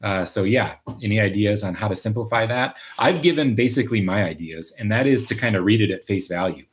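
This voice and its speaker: A man's voice: lowish voice, animated, fairly quick. A man from Minnesota, casually hosting a live stream, chatting and reading viewer comments with lots of fillers and restarts. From Minnesota, USA. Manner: rambling, many fillers and restarts. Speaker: livestream host.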